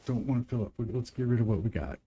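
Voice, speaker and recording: Mellow-voiced man with a Midwestern twang. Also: mid-range voice, fast, slight background noise. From American Midwest. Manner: rambling, talks to chat while playing. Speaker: livestream gamer host. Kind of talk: casual live gameplay chat.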